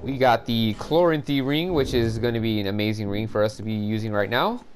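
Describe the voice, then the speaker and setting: This gameplay commentator speaks a little fast in a lowish voice, swearing and venting his frustration at the players watching his walkthrough. There's slight background noise.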